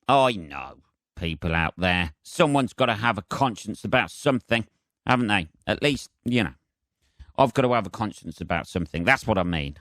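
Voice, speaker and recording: A man's voice: sits low, no echo, studio quality. A man hosting a solo podcast, rambling casually with swearing and self-mocking asides. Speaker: podcast host.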